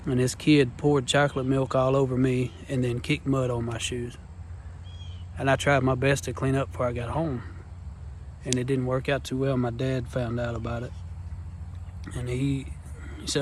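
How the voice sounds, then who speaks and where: A man's voice: medium pitch, a little mellow, slight background noise. A man in his thirties telling a heartfelt personal testimony in an earnest, rambling way. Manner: earnest, rambling, Southern-style phrasing. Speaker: vlogger sharing personal testimony.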